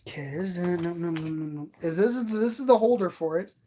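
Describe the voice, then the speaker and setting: An eighteen-year-old man chatting casually from his bed during a livestream unboxing, rambling and excitable, and often poking fun at himself. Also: sits high, quick pace, slight background noise. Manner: excitable, rambling, self-deprecating. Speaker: toy reviewer streaming.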